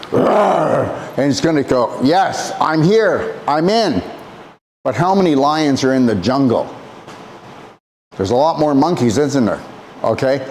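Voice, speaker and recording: A man in a fervent motivational monologue as a natural health practitioner. He hammers his points with repetition, pushing his pitch up on emphasis and dropping it low for weight. His voice sits mid-range, with a faint hiss behind him. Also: darkish tone. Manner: preachy, emphatic, repeats phrases, swings between rising and dropping pitch.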